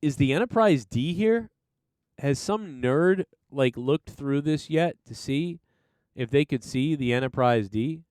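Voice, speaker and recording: A man's voice: a little high, measured pace, a little mellow, clear, resonant tone, no echo, studio quality. A man hosting a podcast, casually reviewing a TV episode in an enthusiastic, rambling way with some swearing. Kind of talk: casual solo review chat.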